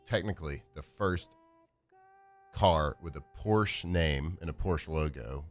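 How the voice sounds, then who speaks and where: A man co-hosting a sports talk radio show, reading off trivia with playful, animated delivery. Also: very deep voice, slow pace. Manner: reads trivia list with playful old-timey voice bits. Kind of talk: casual sports radio banter.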